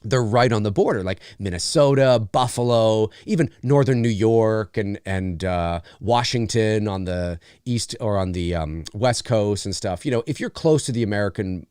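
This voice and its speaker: A Canadian man hosting a live Q&A, talking in an animated, rambling way with casual swearing. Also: fairly low pitch, normal speed, few pauses, smooth, dry recording, studio quality. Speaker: host. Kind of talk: live Q&A chat.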